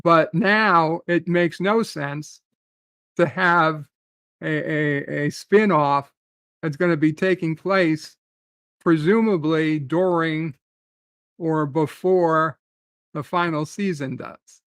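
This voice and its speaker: Slow-talking, profane man ranting on a live stream. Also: a little high, a bit bright, clear, resonant tone, no room sound, studio quality. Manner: profane, rambling, reads out chat comments. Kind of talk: rambling live-stream rant.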